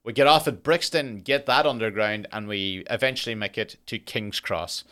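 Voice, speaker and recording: A young man hosting a solo podcast, telling an exasperated travel story and ranting with heavy swearing and dark jokes. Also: lowish voice, moderate pace. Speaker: podcast host.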